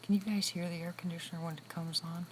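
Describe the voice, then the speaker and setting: Woman, 60s, low voice, livestream host, chatty storyteller, faint background noise. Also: steady tone, quick pace, low-quality recording. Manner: chatty, storytelling, laughs often. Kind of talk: casual chat with viewers. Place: room with a loud air conditioner.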